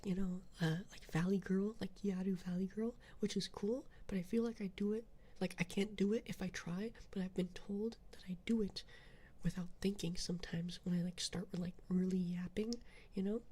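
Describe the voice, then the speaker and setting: A young man chatting with viewers on a live ASMR stream, rambling with many fillers and switching between whispering and soft talk. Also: sits high, steady tone, a little fast, breathy edge.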